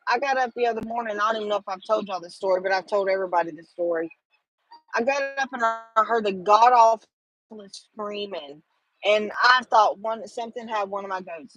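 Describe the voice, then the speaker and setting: A woman's voice: mid-range voice, a bit bright, no echo, rough recording. A middle-aged woman, chatting with viewers on a casual livestream and rambling with lots of fillers. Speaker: livestream host.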